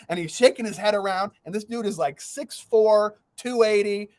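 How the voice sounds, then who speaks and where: A man hosting a podcast, telling a story in casual chat, animated, laughing through it and swearing freely. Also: high-pitched, unhurried, no room sound. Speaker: podcast host.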